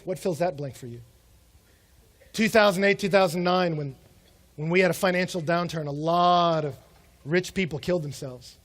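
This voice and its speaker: A man's voice: high voice, normal speed, long pauses. A young adult man preaching a sermon in a conversational way, asking rhetorical questions and acting out short quotes. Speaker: pastor.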